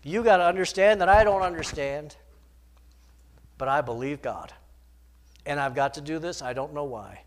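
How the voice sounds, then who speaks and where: A man acting out the aged father Abraham, speaking in a hushed, sorrowful, resolute voice as part of a sermon. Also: on the high side, sing-song, a little slow, long pauses, pitched below the performer's own voice. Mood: anguished.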